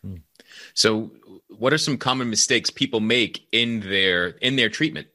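A male interviewer with a low but bright, forward voice. He asks his questions hesitantly and trips over words as he goes. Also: unhurried.

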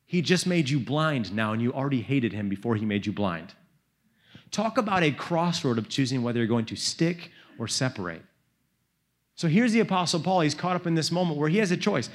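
A man's voice: mid-range voice, big pitch swings, a little fast. A young man preaching to a youth retreat, retelling scripture in a casual, slangy, dramatic way. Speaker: youth speaker. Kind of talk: sermon.

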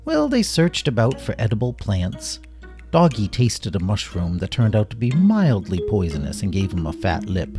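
A man narrating a children's story in a playful, animated way. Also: fairly low pitch, normal speed, faint music behind.

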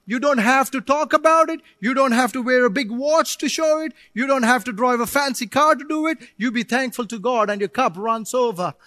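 A man with a strikingly high voice delivers a sermon as a pastor. He preaches with animation, drops playful asides and acts out prayers to God. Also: brisk, few pauses, pushed and bright, no room sound, clean studio sound.

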